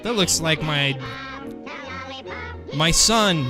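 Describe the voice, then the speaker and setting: A man's voice: fairly high pitch, animated, drawn-out words, music in the background. A male show host giving casual, rambling, profane commentary on video clips.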